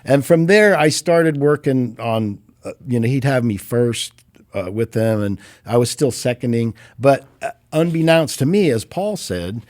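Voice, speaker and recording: A man in his fifties, a recording engineer, telling stories casually in an interview and acting out quoted voices with lively jumps in pitch. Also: unhurried, dry recording, clean studio sound. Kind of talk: casual storytelling. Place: recording studio.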